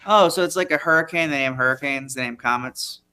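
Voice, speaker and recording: A man's voice: medium pitch, a little fast, pushed and bright, clear, resonant tone. A man hosting a live improv comedy show, rambling with hesitant fillers and dry remarks. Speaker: host.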